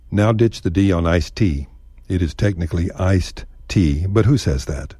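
A man telling folksy, wry radio stories in an unhurried, scripted way. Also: deep voice, warm tone, slightly rough, no echo, studio quality. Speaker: radio storyteller.

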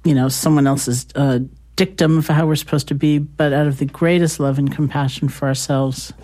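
A guest in an interview speaking reflectively, searching for words with pauses. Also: mid-range voice, steady tone, dark tone. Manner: slow, searching, with fillers.

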